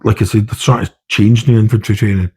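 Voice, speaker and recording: Brief: middle-aged Scottish army veteran, dark husky tone, rambling candid talk. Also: male voice, fairly low pitch, level tone, fast talker. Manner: rambling, with many restarts and "you know". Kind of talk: candid podcast conversation.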